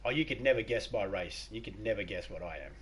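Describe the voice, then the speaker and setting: A man's voice: fairly low pitch, expressive, quick pace, a bit bright, a little hiss or hum. An Australian man streaming a game, chatting casually and joking with viewers while reading chat aloud.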